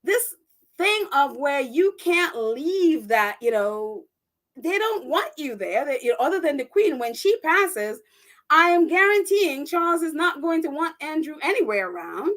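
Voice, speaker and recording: Woman, high voice, indignant, exclaiming, live-stream host reading comments. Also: very animated, a little slow, fairly bright tone. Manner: indignant, exclaiming, laughs often. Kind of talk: casual live-stream chat.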